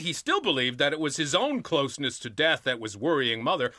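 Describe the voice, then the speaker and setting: A male actor narrating a comic story in a lively, animated storytelling voice. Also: a little high, fairly quick, few pauses, dry recording.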